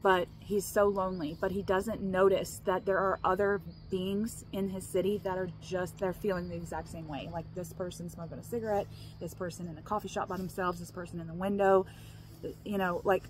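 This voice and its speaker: A woman's voice: mid-range voice, fairly even intonation, brisk. A woman vlogging in a casual, earnest, rambling way, restarting her sentences, with faint noise behind her. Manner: rambling and earnest, restarts often, laughs between thoughts. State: emotional, choked up. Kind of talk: casual vlog talk.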